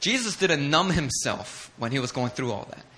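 Guy preaching a sermon, high-ish bright voice, real passionate, repeats his points. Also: very animated, moderate pace. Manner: passionate, emphatic, building intensity with repetition. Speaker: pastor.

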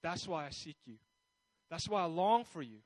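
A man's voice: on the high side, lively intonation, moderate pace, darkish tone, no echo, poor audio. A man preaching a sermon in a conversational way, often restarting his sentences and checking in with his listeners. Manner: conversational, with many restarts and asides. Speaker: pastor.

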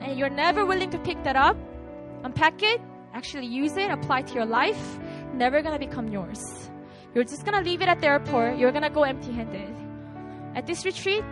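A woman preaching at a retreat, lively and animated, checking in with the crowd with quick asides and acting out little scenes. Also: high voice, over music. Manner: acts out voices in her illustrations. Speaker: retreat speaker. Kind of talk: sermon.

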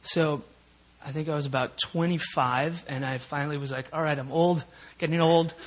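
A man's voice: on the high side, fairly even intonation, normal speed. A man from Minnesota giving a personal testimony at a church prayer meeting, emotional and rambling, with many fillers. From Minnesota, USA.

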